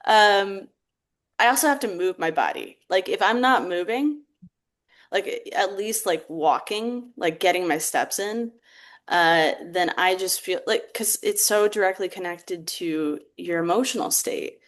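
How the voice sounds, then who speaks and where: A woman's voice: medium pitch, unhurried. A young adult woman guest on a podcast, talking reflectively in a casual way with many "like" fillers. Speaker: therapeutic theatre practitioner, podcast guest.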